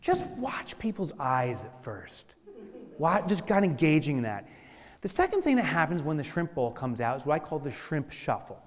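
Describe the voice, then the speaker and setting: An animated man delivering a humorous keynote, spinning playful stories for a business crowd. His voice sits slightly high, and the sound rings out with the long reverb of a large hall. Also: normal speed. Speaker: business speaker.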